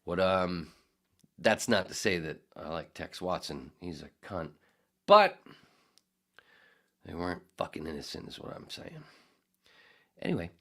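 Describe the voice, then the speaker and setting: A very low-pitched man hosts a loose podcast, swinging his voice up and down with lively inflection. He rambles through viewer comments with crude, profane jokes and a joking, offhand delivery. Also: moderate pace. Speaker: podcast host. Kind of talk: casual podcast chat, reading out live chat comments.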